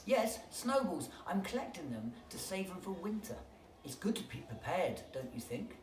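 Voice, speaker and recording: A reader doing a kindly storybook bear with a bright, lively voice that leaps up and down as he talks his way out of trouble. The sound is echoey and distant, with background noise in the room. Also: mid-range voice, moderate pace, pitched above the performer's own voice, lightly acted. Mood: cheerful fibbing. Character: kindly clever bear protecting mice.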